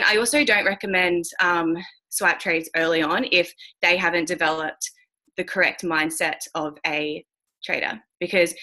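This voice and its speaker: Blunt woman, bright lower voice. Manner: frank and blunt, swears, many fillers. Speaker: guest speaker mentoring traders. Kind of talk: candid motivational talk on a call.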